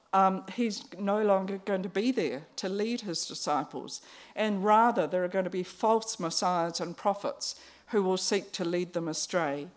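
A woman preaching a conversational sermon, pausing on fillers and restarts. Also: medium pitch.

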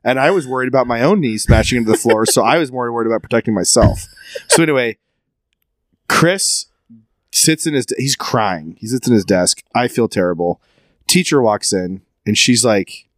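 Man, thirties, casual storyteller, mid pitch, laughs often, dry sound. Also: animated, moderate pace, dry recording.

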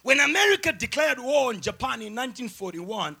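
A pastor preaching a sermon with emphatic repeated phrases, swinging from loud shouted lines down to quiet asides. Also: male voice, very high voice, very animated, brisk, creaky.

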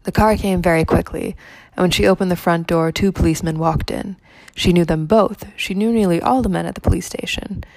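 A woman reads a story aloud in a low, gravelly voice, measured and even. The sound is close and completely dry, with no room around it. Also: no room sound. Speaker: narrator. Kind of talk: storybook narration.

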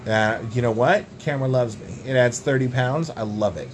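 Deadpan rambling young man. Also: medium pitch, brisk, few pauses, background noise. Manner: deadpan rambling, tall tales. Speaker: podcast co-host. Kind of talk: absurd comedic banter.

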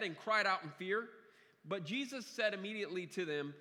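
A man's voice: high-pitched, lively intonation, moderate pace, sharp tone, big-room sound. A man preaching a sermon to a congregation in a conversational way, repeating key phrases and often restarting his sentences. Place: church sanctuary.

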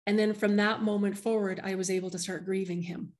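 A woman's voice: mid-range voice, flat delivery, a little fast, over a noisy crowd. A middle-aged woman who works as a medium, telling a heartfelt personal story in an interview, often restarting her sentences.

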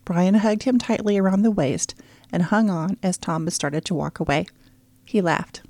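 A woman reading a story aloud as the narrator, in a steady, even storytelling manner. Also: on the low side, moderate pace, no echo. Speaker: audiobook narrator. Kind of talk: scripted narration.

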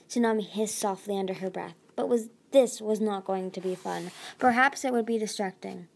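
A woman's voice: mid-range voice, a little fast, vocal fry, darkish tone. A woman narrating a fantasy novel aloud, reading steadily with occasional slips and restarts.

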